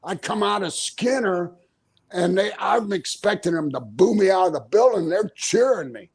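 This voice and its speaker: A man's voice: sits high, moderate pace. An older man, a retired wrestler, telling stories in an interview, acting out quotes and laughing often. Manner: animated storyteller, acts out quotes, laughs often. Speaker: guest, retired pro wrestler. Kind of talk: storytelling interview.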